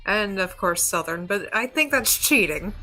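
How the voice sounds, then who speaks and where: Brief: woman, casual gameplay chat, crisp bright tone. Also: mid-range voice, lively intonation, moderate pace, poor audio. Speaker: gaming co-streamer. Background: game music.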